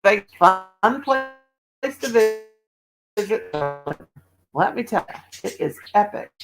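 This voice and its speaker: A woman's voice: medium pitch, takes it slowly, soft background music, low-quality recording. A chatty woman in her sixties from the Midwest, rambling casually to livestream viewers and laughing often. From American Midwest. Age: 60s. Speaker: livestream host.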